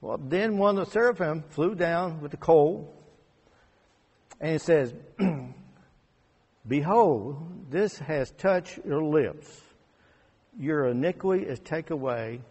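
A man preaching a conversational sermon. He rises to emphatic peaks and drops to quiet asides. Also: high-pitched, husky. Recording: long hall reverb.

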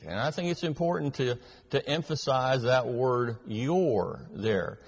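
Male Bible class teacher, slow and hesitant delivery, long hall reverb. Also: mid-range voice, breathy edge. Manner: measured, hesitant with many fillers. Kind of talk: verse-by-verse Bible study teaching.

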